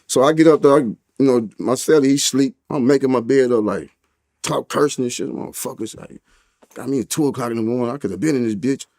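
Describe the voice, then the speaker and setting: A man's voice: medium pitch, fast talker, darkish tone. St. Louis man telling a street story. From St. Louis, USA. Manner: street slang and heavy cursing, acts out quotes in a raised voice. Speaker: interview guest. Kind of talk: storytelling in an interview.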